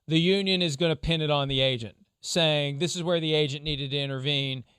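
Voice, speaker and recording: Clear-voiced sports talk host. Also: male voice, on the high side, steady tone, fairly bright tone, no room sound, studio quality. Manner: measured, explanatory, lawyerly. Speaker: show host, legal analyst. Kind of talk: sports talk show discussion.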